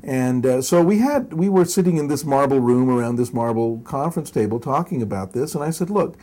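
An older man recounting memories at length, his voice husky and mellow with a soft, breathy edge. He wanders and corrects himself mid-sentence, with little chuckles woven through the telling. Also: mid-range voice, animated, fairly quick. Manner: rambling, self-correcting, chuckles while telling stories. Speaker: interview guest. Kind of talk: storytelling in a long interview.

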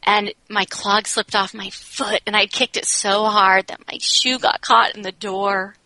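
A woman's voice: mid-range voice, level tone, unhurried, sharp tone, no room sound, low-quality recording. A woman speaking as an interview guest, telling a personal story in a candid, reflective way and often saying "you know.".

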